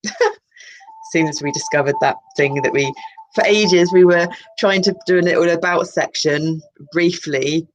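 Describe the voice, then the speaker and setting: A woman's voice: sits low, slight background noise, low-quality recording. A woman reading a colour card list aloud as a channel host, drifting into musing, self-interrupting asides.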